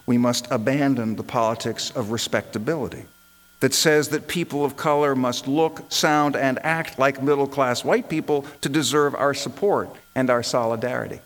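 Male minister, impassioned sermon delivery with rhetorical repetition, medium pitch. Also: normal speed, rough recording.

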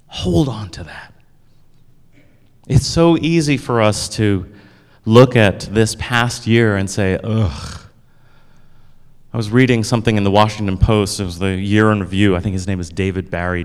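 A man's voice: lowish voice, clean tone. A man leading a church service, playfully asking the congregation questions and answering their replies. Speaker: pastor. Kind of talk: sermon. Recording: reverberant hall.

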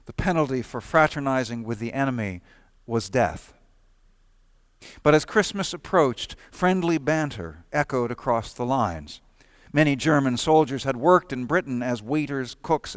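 A man giving measured, scripted narration of a historical documentary. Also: mid-range voice, no room sound, studio quality. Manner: measured, storytelling delivery.

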